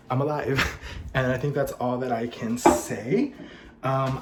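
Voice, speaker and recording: Eating as he talks, a young male vlogger keeps up casual mukbang chat indoors at his home apartment, filmed by a camera in front of him. His mid-range voice is lively in intonation at a moderate pace, on a low-quality recording with faint room noise. Chatty and self-deprecating, he swears, laughs a lot, and seems slightly out of breath.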